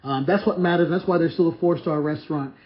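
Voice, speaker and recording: Male podcast host, high-pitched voice, gushing and repetitive, slightly muffled lo-fi recording. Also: steady tone, quick pace. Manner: enthusiastic, repetitive, stumbling restarts. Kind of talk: casual restaurant review monologue. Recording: slightly dull lo-fi audio.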